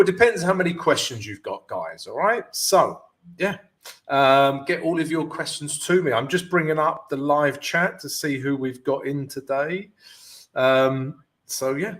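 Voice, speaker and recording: A man's voice: fairly high pitch, fairly bright tone. A man hosting a casual trading livestream, upbeat and chatty, speaking a bit thickly after dental work. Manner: upbeat, chatty, addresses viewers as guys. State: numbed from dental work, speech slightly off. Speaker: forex trading livestream host. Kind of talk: casual live-stream chat.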